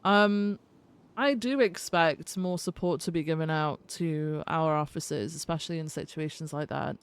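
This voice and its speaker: A woman's voice: sits low, moderate pace, smooth. A woman playing an assistant police chief in role-play, sympathetic but firm. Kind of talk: in-character role-play conversation.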